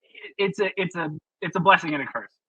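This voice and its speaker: A man's voice: high-pitched, expressive, brisk, bright, forceful tone, husky, no echo, muffled recording. A man presenting a webinar in a casual, chatty, opinionated way with plenty of fillers, over a video call.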